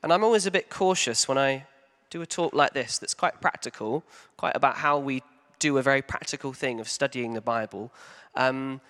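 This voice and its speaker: A man preaches to his church in an easy, conversational way, filling pauses with ums. His pitch sits in a middle range for a man. He pushes key lines up with animated emphasis. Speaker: pastor. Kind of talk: sermon.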